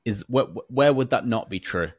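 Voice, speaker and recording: A man co-hosting a podcast, explaining points in a measured, casual way. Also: mid-range voice, lively intonation, slightly rough, dry recording, studio quality. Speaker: podcast co-host. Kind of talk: casual sales podcast chat.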